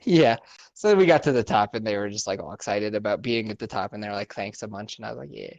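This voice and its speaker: A man's voice: lowish voice, quick pace, a little mellow, no room sound, lo-fi sound. A young man co-hosting a podcast, telling a story in casual, profane chat and laughing often. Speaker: podcast co-host.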